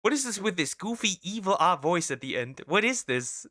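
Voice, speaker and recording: A man's voice: high voice, big pitch swings, fairly quick, few pauses, sharp tone, dry recording, studio quality. A man streaming as a vtuber, reacting to online drama with casual, mocking commentary. He keeps tagging his sentences with "right?". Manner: sarcastic, mocking asides; repeats "right?" as a tag.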